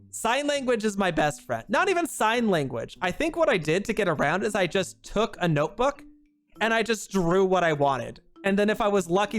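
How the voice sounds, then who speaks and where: A woman talks on her stream in an easygoing, rambling way, often joking at her own expense. Her pitch sits in the middle but moves widely and animatedly. Soft background music plays faintly behind her. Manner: rambling, self-mocking, animated. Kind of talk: casual stream chat.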